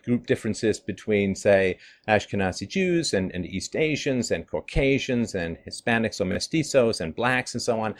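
A middle-aged man delivers an animated commentary monologue in a lowish voice. He laughs often and mimics others by putting their words in mocking quotes.

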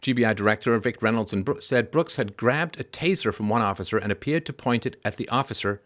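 With a fairly low pitch and fast talk, a male podcast host reads news items on his commentary show and peppers them with wry, mocking asides, veering from loud sarcasm to mumbled quips.

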